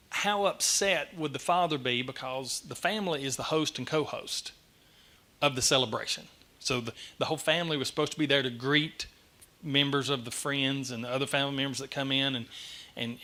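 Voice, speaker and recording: A middle-aged man gives a church message, telling the story in an animated, self-deprecating way. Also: mid-range voice. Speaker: lay speaker giving a church message. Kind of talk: sermon. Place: church sanctuary.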